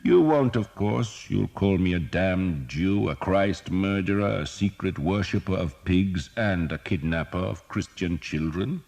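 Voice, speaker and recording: A man's voice: sits low, expressive, a little mellow. A man doing a wry, cheerful old doctor. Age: older. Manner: wry, teasing, slow and deliberate.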